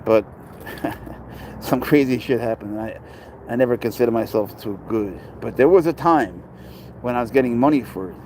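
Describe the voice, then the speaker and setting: A man's voice: medium pitch, moderate pace, warm tone, a little hiss or hum. Chatty New man outdoors. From New York. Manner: rambling, chatty, talks to passers-by and chat. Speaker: pet owner vlogger. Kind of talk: casual chat. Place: outdoors at a city dog park.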